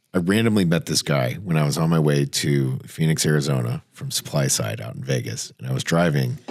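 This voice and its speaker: A man's voice: extremely low pitch, creaky, slightly rough, no echo. A man hosting a podcast, telling a story casually and animatedly, cursing freely. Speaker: podcast host.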